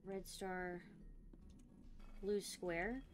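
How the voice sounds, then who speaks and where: A woman's voice: lowish voice, fairly even intonation, drawn-out words, soft background music. A young woman streamer playing a scary game, talking to herself in a jittery way and swearing often. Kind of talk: let's play commentary.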